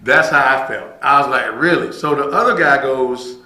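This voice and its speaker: A man's voice: medium pitch, normal speed, echoey room, poor audio. A man telling a story as a podcast guest, acting out the voices of people in it and often checking in with "right?". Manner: animated, acts out quoted voices, says "right?" often. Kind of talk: casual storytelling.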